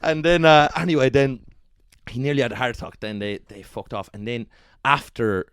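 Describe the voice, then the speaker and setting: An Irish podcast host spins a salty, rambling anecdote in a mid-pitched voice, dropping into quick impressions of the people in it. The sound is close and dry, with no room around it. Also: male voice, smooth, no echo. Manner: profane, animated anecdote-telling with quick impressions of others. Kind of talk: casual storytelling chat.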